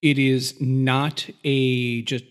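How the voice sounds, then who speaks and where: A man co-hosting a podcast, chatting in a relaxed, agreeable way with jokey asides. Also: medium pitch, extremely slow, clear, resonant tone. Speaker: podcast co-host. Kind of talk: casual podcast discussion.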